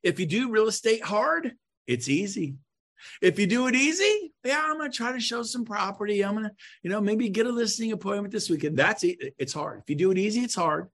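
A man coaching real estate agents on a podcast in an emphatic, punchy way, swinging between loud bursts and quiet asides. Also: sits high, animated, a little fast.

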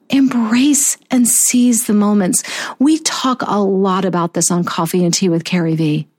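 A woman in her fifties hosting a motivational talk show, earnest and encouraging, slowing down to stress key phrases. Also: mid-range voice, a little mellow, slightly rough. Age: 50s. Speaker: podcast host.

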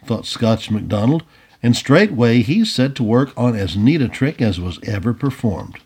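A man reading a historical story aloud as a storyteller, lively, with casual asides. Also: mid-range voice, normal speed, husky.

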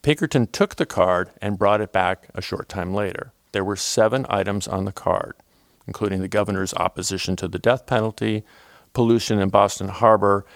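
A man hosting a political history podcast, reading a measured scripted narration. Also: on the low side, vocal fry, no echo, studio quality. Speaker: podcast host.

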